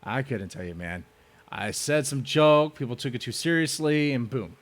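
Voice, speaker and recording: Sarcastic male stream host, lively pitch. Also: normal speed. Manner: sarcastic, mock voices, lively swings in tone. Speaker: stream host reacting to a debate. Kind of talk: mocking live-stream commentary.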